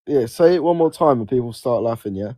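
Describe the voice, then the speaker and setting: A man's voice: medium pitch, animated, brisk, mellow. A man arguing as a guest on a live stream, mocking the host and repeating his jabs. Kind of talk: heated live-stream argument.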